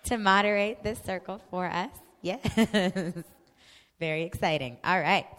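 A woman organizer giving polite, measured announcements to a congregation. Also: lowish voice, a bit bright. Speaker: event organizer. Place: mosque prayer hall. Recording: long hall reverb.

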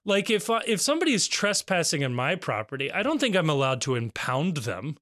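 A man with a somewhat high voice co-hosts a casual podcast, reading comments aloud with amusement. The recording is dry and close, with no room sound. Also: very animated, fairly quick, a bit bright, dry recording. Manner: amused, laughs often. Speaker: podcast co-host.

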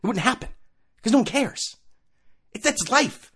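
Husky New man, heated sarcastic rant, lively up-and-down pitch, swears a lot. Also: normal speed. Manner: heated, sarcastic, profane, lots of rhetorical questions. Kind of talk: solo opinion rant.

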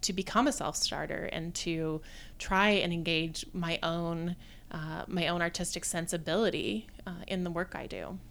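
Woman academic guest, low-ish smooth voice, reflective, unhurried delivery. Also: steady tone, a bit bright. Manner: thoughtful, measured, frequent um fillers. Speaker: guest, theatre design professor. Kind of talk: conversational podcast interview.

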